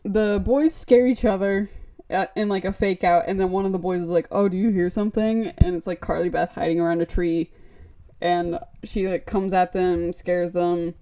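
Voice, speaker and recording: A woman's voice: lowish voice, steady tone, normal speed, dark tone. A woman recapping a book in casual podcast chat. She acts out the characters' quotes and peppers her talk with "like". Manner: chatty, lots of "like" and acted-out quotes. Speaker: podcast co-host.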